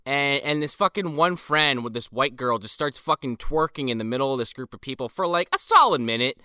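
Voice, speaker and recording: A man casually retelling movie scenes with friends, animated and profane. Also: mid-range voice, brisk, clean tone, no room sound, clean studio sound. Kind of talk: casual movie recap chat.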